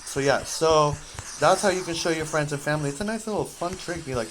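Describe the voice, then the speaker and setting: A man's voice: fairly high pitch, quick pace, a little hiss or hum, low-quality recording. A man casually chatting while playing a game, rambling between topics with jokey, apologetic asides. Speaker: gaming video host.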